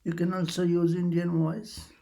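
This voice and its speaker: A mellow, medium-pitched voice speaks in a monotone at a moderate pace. It belongs to a tutorial host giving a casual screen-recording walkthrough of computer settings, hesitant and full of restarts and "uh" fillers.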